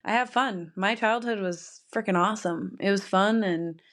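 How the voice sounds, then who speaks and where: A woman's voice: medium pitch, moderate pace, fairly bright tone. Chatty young woman rambling on her podcast. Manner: rambling, chatty, laughs often. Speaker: podcast host. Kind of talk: casual solo podcast chat.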